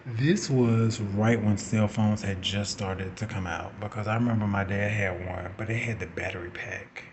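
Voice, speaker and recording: A man in his forties telling a personal story in a casual, animated way, swearing and acting out what people said. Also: lowish voice, slight background noise. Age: 40s. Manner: animated, profane, acting out quotes. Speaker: vlogger.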